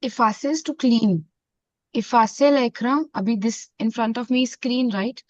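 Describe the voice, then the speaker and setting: A woman with an Indian accent teaching a French class, mixing in Hindi and repeating phrases slowly. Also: fairly high pitch, no echo. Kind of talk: online classroom lesson. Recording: dull, dry lo-fi sound.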